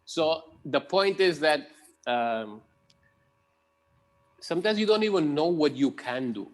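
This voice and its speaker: A man's voice: a little high, lively intonation, slow. A man co-hosting a casual podcast conversation, talking loosely and ending his phrases with "right?". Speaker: podcast co-host.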